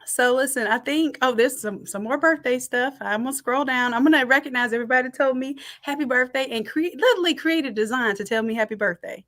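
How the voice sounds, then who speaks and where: A middle-aged woman teaching a design class on a live stream, reading out the chat and warmly thanking people by name. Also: high voice, fast talker, few pauses. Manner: warm, effusive thanks and shout-outs.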